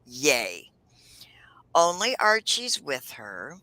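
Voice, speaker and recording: A woman co-host reads news updates aloud and throws in wry asides. Her voice is very low yet bright and lively in tone. The sound is dry and close. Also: extremely slow, no room sound, low-quality recording. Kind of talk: casual livestream chat.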